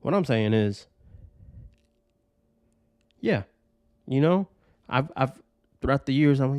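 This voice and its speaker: A man's voice: mid-range voice, animated, slow pace, long pauses, darkish tone, dry recording. A man hosting a podcast, talking through a personal story in a loose, rambling way, swearing often and tagging sentences with "right?". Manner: rambling, profane, keeps tagging lines with "right?". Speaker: podcast host. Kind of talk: casual personal monologue.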